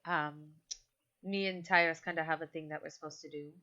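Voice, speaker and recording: A woman's voice: fairly even intonation, a little fast, sharp tone. A woman voicing a weary, sardonic young woman adventurer who sighs and mutters. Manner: tired, sighing, low and muttered. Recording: dull lo-fi mic.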